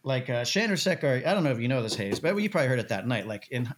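Guest spot: male storyteller, mid-pitch, animated, swears freely. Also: fast talker. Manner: animated, swearing, acts out quoted voices. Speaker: podcast guest. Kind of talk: casual storytelling.

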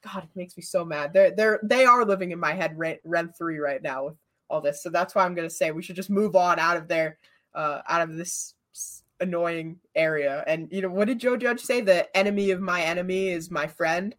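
A woman's voice: lowish voice, moderate pace, a bit bright. A woman co-hosting a casual sports podcast, blunt and heated in her opinions. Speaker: podcast co-host.

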